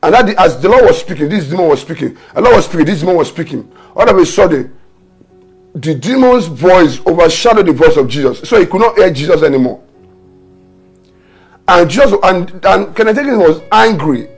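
A male pastor preaches a fervent morning prayer, with a fairly high, gravelly and husky voice. He repeats his decrees and breaks into prayer in tongues. Soft music plays behind him. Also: expressive, a little fast. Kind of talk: online morning prayer sermon. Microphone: home camera setup for an online broadcast.

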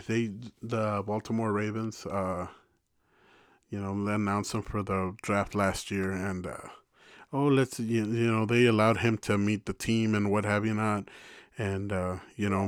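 Male podcast co-host with a lowish voice, reflective and rambling, recorded dry and close. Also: smooth, dry recording. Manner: reflective, rambling, many restarts and "you know". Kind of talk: casual podcast conversation.

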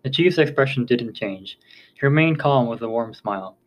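A man's voice: mid-range voice, moderate pace, dull audio. Man narrating an audiobook. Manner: steady reading with occasional slips. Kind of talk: scripted storybook narration.

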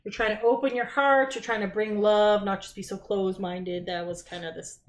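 A woman's voice: mid-range voice, steady tone, normal speed. A woman co-hosting a podcast, chatting casually and laughing often as she tells stories. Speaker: podcast co-host. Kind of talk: casual chat, storytelling. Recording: roomy with loud background noise.

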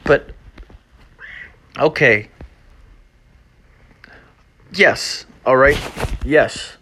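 A young man hosting his own show, ranting off the cuff with constant swearing, moving between low mumbles and loud agitated outbursts. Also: extremely slow, slight background noise. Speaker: podcast host. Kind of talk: unscripted ranting monologue.

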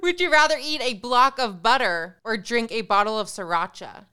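Bright, crisp woman podcast host. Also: a little high. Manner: upbeat, reads questions briskly. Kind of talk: podcast interview, quiz questions.

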